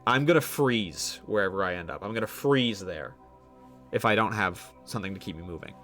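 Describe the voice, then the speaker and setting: A man's voice: on the low side, animated, a little fast, fairly bright tone, faint music behind. A young man streaming live, rambling animatedly through his thoughts with casual swearing and frequent restarts.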